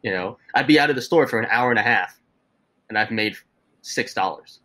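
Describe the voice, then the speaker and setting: A young man co-hosting a podcast, chatting casually and telling animated, profane stories, acting out other people's voices. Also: medium pitch, fairly quick. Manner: swearing, animated storytelling with put-on voices. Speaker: podcast co-host. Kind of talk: casual chat.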